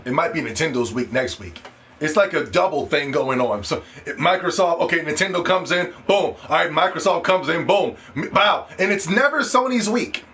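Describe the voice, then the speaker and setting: A man hosting a casual gaming podcast, ranting in an animated, profane way and mocking others in put-on voices. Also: fairly high pitch, normal speed, slight background noise. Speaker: podcast host.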